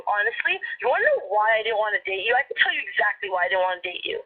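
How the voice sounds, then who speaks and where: A woman's voice: medium pitch, very animated, fast, few pauses. A young woman on a phone call, angrily scolding the person on the other end. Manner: upset, scolding, indignant. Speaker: caller. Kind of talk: heated phone argument. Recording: muffled phone-line audio.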